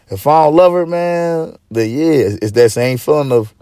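A man's voice: fairly high pitch, lively intonation, moderate pace, hardly any pauses, warm tone, clean tone, no room sound, clean studio sound. A man hosting a podcast, ranting in casual slang with lots of swearing and stop-start restarts. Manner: profane, rambling, with frequent restarts; preachy street-slang delivery. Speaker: podcast host.

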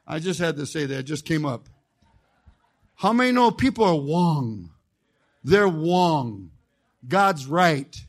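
A man preaching a fiery sermon as a chaplain, telling folksy stories with jokes and rising into shouted call-and-response. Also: fairly high pitch, sing-song, slow, pauses often. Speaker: chaplain preaching as guest speaker.

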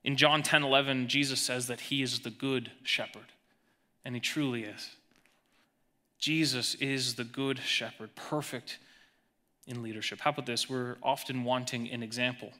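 A man preaching a sermon as pastor, emphatic, swinging between raised emphasis and hushed lines. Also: mid-range voice, fairly even intonation, moderate pace.

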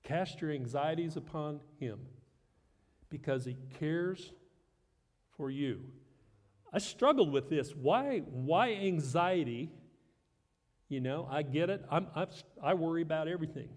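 A man's voice: on the high side, a little slow, in a large hall. A middle-aged man preaching a sermon as pastor, conversational and self-deprecating with light humor.

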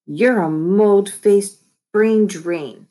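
A woman's voice: lowish voice, expressive, moderate pace, a little mellow. A woman voicing a bossy young boy who runs a small business, talking in a bratty, emphatic way.

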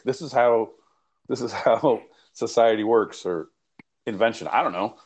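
A man's voice: lowish voice, measured pace, darkish tone, highs cut off. A man co-hosting a podcast, telling rambling, profanity-laced stories in casual chat. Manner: rambling, profane anecdotal storytelling. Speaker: podcast co-host.

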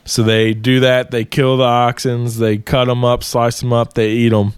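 A man casually retelling an old myth to a friend, swearing freely and getting animated. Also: mid-range voice, normal speed, few pauses, clear, resonant tone, dry recording. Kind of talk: casual storytelling.

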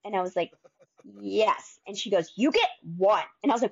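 Animated woman telling her story. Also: medium pitch, moderate pace, gravelly, slightly rough, dry recording, lo-fi sound. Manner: animated, acts out quoted dialogue. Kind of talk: casual storytelling.

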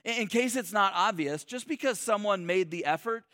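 A man's voice: sits high, animated, moderate pace, sharp tone, no echo, studio quality. A man preaching a sermon in a loose, conversational way, joking and restarting his sentences often. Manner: conversational and humorous, many restarts and "like". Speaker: pastor.

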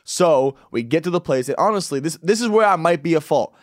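A young man co-hosting a podcast talks fairly quickly in a fairly high voice. In casual chat he tells stories animatedly, acting out the quotes.

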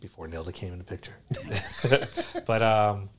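A man from South Florida, a collectibles store owner, telling a story as a podcast guest with lively acted-out quotes. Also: lowish voice, a little slow, husky. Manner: animated, acts out quoted voices loudly.

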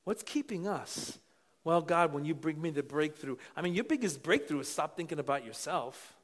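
A middle-aged man preaching a sermon with passion, dropping to quiet asides and then rising to shouts. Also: fairly high pitch, animated, normal speed. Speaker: pastor.

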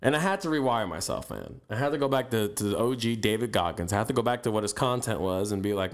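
A man's voice: mid-range voice, expressive, fast, hardly any pauses. A young man hosting a podcast, ranting bluntly and profanely in a motivational monologue. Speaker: podcast host. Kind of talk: motivational rant.

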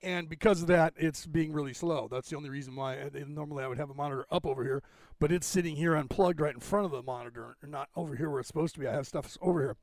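A man hosting a casual livestream, rambling and interrupting himself while he fixes his screen share, clearing phlegm from his throat. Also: on the high side, fast. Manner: rambling, self-interrupting while fixing tech. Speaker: livestream host.

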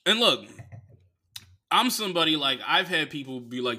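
A man from the Bay Area, a comedian and podcast host, telling stories in an animated, profane way with lots of "like". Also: fairly high pitch, moderate pace, long pauses. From San Francisco Bay Area. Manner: animated, profane, heavy use of "like". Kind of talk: casual comedic storytelling.

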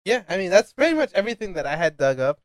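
Young male co-host, high clean voice, playful banter, dry mic. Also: very animated, fast, no room sound. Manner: playful, swears casually, laughs a lot. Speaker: podcast co-host. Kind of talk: casual chat.

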